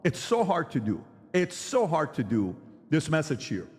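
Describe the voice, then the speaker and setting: A man's voice: a little high, very animated, moderate pace, long reverb tail. Emphatic man debating with rhetorical questions. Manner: emphatic, rhetorical questions, mimics others' voices. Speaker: podcast host. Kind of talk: animated debate monologue.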